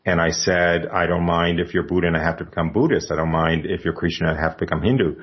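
A man hosts a religious call-in show and answers his guest in a measured, teaching tone. His voice sits very low. The recording sounds slightly dull and lo-fi. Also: fairly even intonation. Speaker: radio host.

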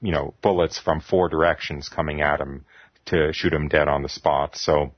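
Male reader, deep voice, dry close sound, measured delivery. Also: level tone, no echo. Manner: measured reading, hesitant fillers when ad-libbing. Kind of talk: reading aloud with commentary. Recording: dull lo-fi recording.

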